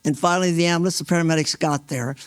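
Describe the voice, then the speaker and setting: Man in his sixties, mail carrier, earnest halting storytelling, slightly high voice, dry close sound. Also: steady tone, clear, resonant tone, dry recording. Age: 60s. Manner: earnest, halting, with many restarts and re-enacted quotes. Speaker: mail carrier honored at an awards event. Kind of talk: emotional first-person storytelling. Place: awards event stage. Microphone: stage microphone.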